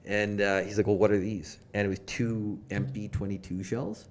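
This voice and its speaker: Speaking low and at a normal speed, a young Canadian man guests on a podcast and tells a story casually. He fills it with plenty of fillers and animated, acted-out lines of dialogue.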